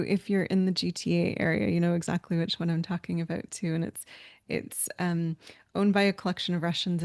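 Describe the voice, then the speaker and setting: A woman co-hosts a webinar discussion, talking in a loose, anecdotal way and thinking aloud with plenty of fillers. Her voice sits a little low, and the sound is close and dry with no room around it. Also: a little mellow, no echo. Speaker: webinar co-host.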